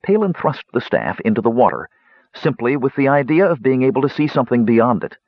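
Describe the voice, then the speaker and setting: A man narrating a fantasy audiobook with an expressive, varied delivery. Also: mid-range voice, fairly quick, breathy edge, no room sound, lo-fi sound.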